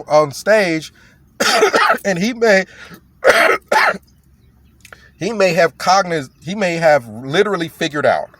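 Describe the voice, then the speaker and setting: A man delivering a casual rant as a commentator, blunt and mocking, pressing hard on his points. His voice sits a bit high, and he talks at an unhurried, slow pace. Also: a bit bright, no echo.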